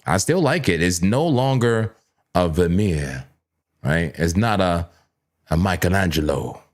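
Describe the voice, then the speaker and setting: Here the livestream crypto host's deep voice comes at a measured pace but stays animated. He walks viewers through his charts in casual, playful chatter, talking straight to the chat and frequently repeating himself or fixing what he just said.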